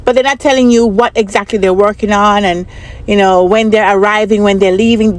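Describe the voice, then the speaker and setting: A woman's voice: mid-range voice, steady tone, fairly quick. A woman vlogger telling a personal story in a casual, chatty way, often repeating herself and asking the viewer what they think. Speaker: vlogger and business analyst trainer.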